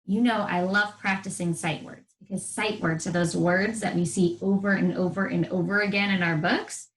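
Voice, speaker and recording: A woman teaching first-grade reading, upbeat and encouraging, drawing out sounds for young children. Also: medium pitch. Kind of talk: broadcast classroom lesson to children. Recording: roomy echo.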